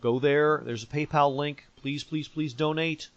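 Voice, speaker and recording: A man's voice: a little high, steady tone, measured pace. A man hosting a casual sports podcast, joking and rambling with lots of fillers. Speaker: podcast host. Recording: dull lo-fi sound.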